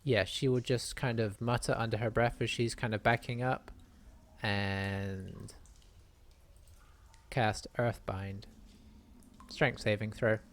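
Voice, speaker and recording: A player at a tabletop game describes what their character does. They keep an easygoing manner and an unhurried pace. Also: mid-range voice, steady tone. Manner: slow, easygoing.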